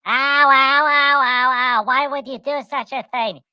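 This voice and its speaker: A woman's voice: steady tone, a little slow, clear, resonant tone, no echo, muffled recording. A woman voicing a greedy, childlike little creature that is obsessed with food and talks about itself in the third person. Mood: pained. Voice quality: squeaky, simple-minded third-person speech.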